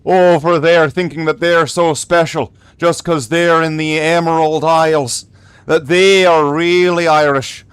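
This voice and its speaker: A man's voice: on the high side, fairly even intonation, measured pace, clean tone, no echo. A man from Canada chatting in a rambling, joking way while streaming a game. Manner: rambling, joking, restarts often. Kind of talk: livestream chat while gaming.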